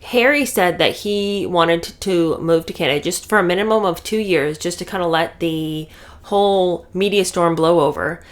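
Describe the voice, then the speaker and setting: A woman's voice: on the low side, normal speed. A woman giving casual, sarcastic commentary, talking animatedly with many fillers and restarts.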